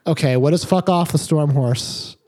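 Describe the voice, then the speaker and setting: A man running a tabletop world-building game as game master, talking haltingly with fillers and restarts. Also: fairly high pitch, darkish tone, dry recording.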